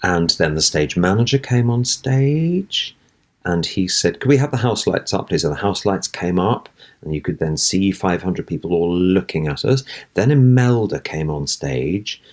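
A man speaks a little slowly in a low voice: a middle-aged actor, there as an interview guest. He animatedly narrates a long theatrical story, bringing its characters to life by doing their voices.

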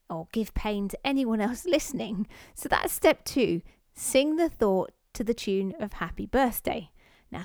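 A woman's voice: medium pitch, darkish tone, no echo, studio quality. A woman hosting a self-help podcast, explaining exercises step by step in a friendly way with a few fillers. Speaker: podcast host.

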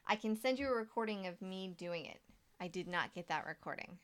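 A woman's voice: mid-range voice, lively intonation, fairly quick, a bit bright. A woman co-hosting a casual podcast, reading listener stories aloud, laughing often and swearing freely. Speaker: podcast co-host.

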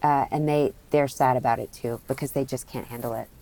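A woman's voice: very deep voice, steady tone, brisk, mellow. A middle-aged woman from the United States, talking candidly as a guest in an interview, rambling with many restarts.

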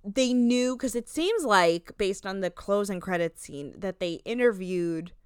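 A young adult woman co-hosting a casual chat show, recapping a reality show in an animated way, swearing freely. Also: medium pitch, unhurried, clear, resonant tone, no room sound, clean studio sound. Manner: animated storytelling, acts out quotes, swears freely.

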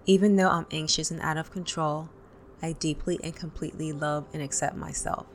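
A woman leading a guided tapping session, calmly calling out tapping points and repeating affirmations for listeners to echo. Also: low voice, a little fast, a little hiss or hum. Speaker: tapping instructor.

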